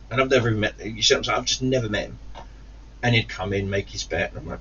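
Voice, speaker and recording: A man's voice: on the low side, quick pace, a little hiss or hum. A man casually telling a long, profane story to his channel, acting out the people in it. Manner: profane, animated anecdote-telling with acted-out quotes. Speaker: gaming YouTuber. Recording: slightly distant, dull lo-fi sound.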